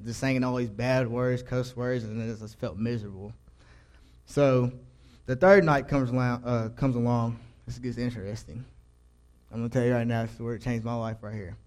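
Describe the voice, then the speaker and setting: A young man tells his faith testimony in a loose, conversational way. His voice sits at a middle pitch. He is earnest and slangy, and his sentences wander and often start over. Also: a little mellow. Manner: earnest, rambling, slangy, self-interrupting. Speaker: church youth giving testimony. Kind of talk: casual spoken testimony.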